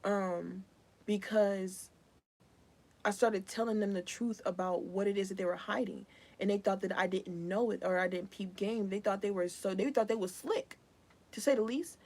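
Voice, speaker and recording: A woman's voice: medium pitch, fairly even intonation, normal speed, darkish tone. A young woman giving a live collective tarot reading in a casual, rambling, slangy way. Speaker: tarot reader.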